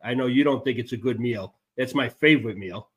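A man's voice: medium pitch, brisk, fairly bright tone. Older Chicago-accented man, radio guest, matter-of-fact. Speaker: guest, motorcyclist advocacy director. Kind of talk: casual interview.

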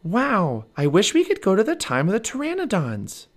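Eager little girl in a storybook read-aloud, super high and excited, a guy putting it on. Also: moderate pace, exaggerated voice. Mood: breathless.

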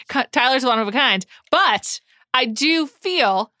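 A woman hosting a podcast, chatting casually with a guest and giving playful, quick opinions. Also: sits high, animated, sharp tone, dry recording, clean studio sound. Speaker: podcast host. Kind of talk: casual chat.

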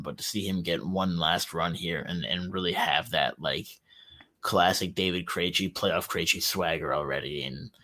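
A man's voice: low-pitched, sharp tone. A young man on a sports podcast, rambling through his points in casual chat with lots of fillers. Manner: rambling, many fillers and restarts. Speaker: podcast co-host.

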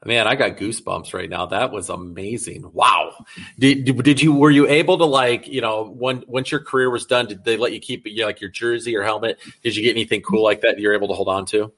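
A man's voice: lowish voice, brisk, a bit bright. A man hosting a casual interview, enthusiastic and slangy as he reacts to his guest. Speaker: podcast host.

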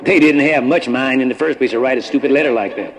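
A man's voice: mid-range voice, fast, slight background noise, low-quality recording. A man preaching a sermon to his congregation in a conversational, blunt manner, from an old broadcast. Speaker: pastor. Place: church congregation. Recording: archival radio broadcast.

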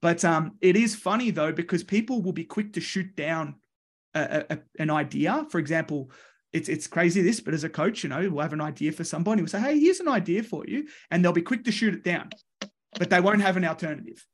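High-voiced Australian wrestling coach. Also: male voice, fast talker. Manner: lively, voices the people in his stories. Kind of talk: animated storytelling.

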